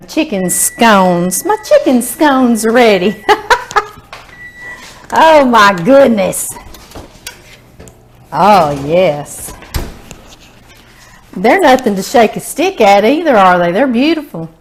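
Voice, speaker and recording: A woman with a Southern US accent hosts a homey cooking video. She talks in an unhurried, folksy drawl, her voice sitting a little high, and she lingers over the food she tastes. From Louisiana, US Southern. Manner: chatty, folksy, savoring food aloud. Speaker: cooking show host. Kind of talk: casual home cooking video.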